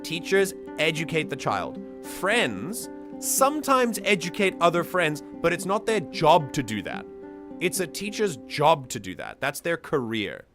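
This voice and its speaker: A man's voice: fairly high pitch, huge pitch swings, measured pace, music in the background. A man hosting a let's play, chatting casually and explaining his choices as he plays. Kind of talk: casual game commentary.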